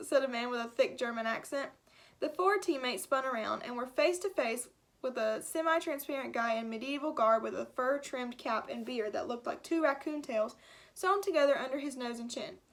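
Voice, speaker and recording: A woman teacher reads a children's novel aloud with a high, bright voice. She throws herself into each character and stops now and then for a friendly aside to her class. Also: moderate pace. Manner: lively, animated character voices with asides and laughs. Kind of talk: storybook read-aloud.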